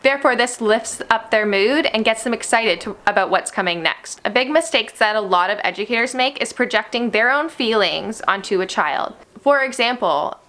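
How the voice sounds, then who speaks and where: A young adult woman, an early childhood educator, gently giving parents advice on helping young children through stress. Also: on the high side, expressive, moderate pace, few pauses. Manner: gentle, instructive, uses "therefore" often.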